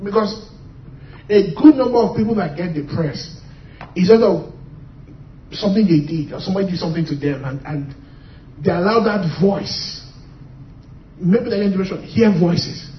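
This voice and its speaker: High-voiced preaching man, echoey hall. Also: a little slow, pauses often, far from the mic, highs cut off, a little hiss or hum. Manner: emphatic, leads congregation in call-and-response. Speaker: pastor. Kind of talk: sermon.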